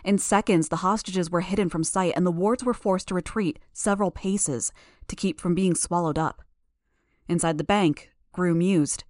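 A woman reading an audiobook chapter in the first person, in a steady, measured manner. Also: on the low side, no echo, studio quality. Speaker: audiobook narrator.

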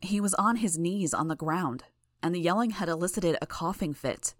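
A woman reading a first-person audiobook in a measured, even way. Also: fairly low pitch, no echo, clean studio sound. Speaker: audiobook narrator.

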